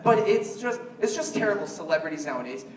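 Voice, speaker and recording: A man with a high voice works through a stand-up comedy set, rambling from one joke to the next and slipping into mock quotes of other people. He is heard from some way off the mic in an echoey room. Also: very animated, quick pace, distant mic. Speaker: stand-up comic.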